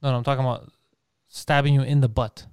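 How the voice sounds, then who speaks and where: A rapid-talking man with a smooth, clear voice and close, dry sound. He spins stories in a lively, animated way and teases his co-hosts constantly, all in loose podcast banter. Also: medium pitch, dry recording. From Greece. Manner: animated storyteller who teases. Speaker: podcast co-host. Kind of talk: casual chat.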